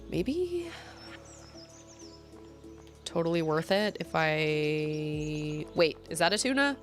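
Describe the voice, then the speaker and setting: A woman's voice: deep voice, big pitch swings, slow, soft background music. A young adult woman streamer chatting casually while playing a game, thinking aloud and laughing easily. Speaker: gaming streamer. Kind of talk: casual chat while gaming.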